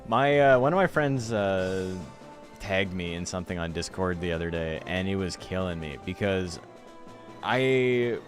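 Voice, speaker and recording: A man's voice: low-pitched, animated, a little slow, faint music behind. A man, chatting loosely and swearing casually while commentating a game tournament on a stream. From Canada. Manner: loose and profane, laughing often.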